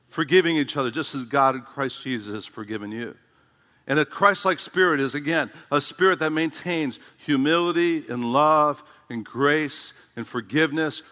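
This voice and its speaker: Man, pastor; bright, slightly high voice; conversational, humorous sermon with long hall reverb. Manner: conversational preaching with humor and emphatic repetition.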